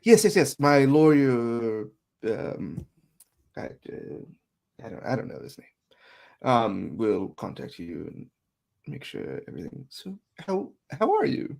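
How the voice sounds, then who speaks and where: A player voicing a well-off mother phoning her adult daughter during a tabletop role-play, halting and full of restarts. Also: medium pitch, big pitch swings, creaky, a little mellow, full character voice. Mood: evasive.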